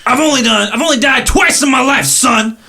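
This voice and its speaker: A man voicing a scrawny, spectacled male chimp bandleader who shouts and brags in a high, cocky voice. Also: fairly quick, gravelly, full character voice.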